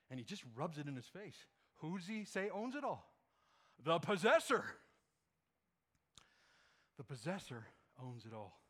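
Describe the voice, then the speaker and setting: Lively, slow-preaching male pastor. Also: mid-range voice. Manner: emphatic preaching with rhetorical questions to the congregation. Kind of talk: sermon.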